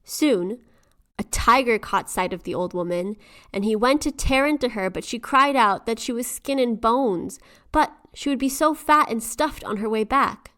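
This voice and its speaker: A woman co-hosting a folklore podcast, chatting casually and retelling tales with animated quoted asides. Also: fairly high pitch, moderate pace. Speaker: podcast co-host. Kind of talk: casual storytelling chat.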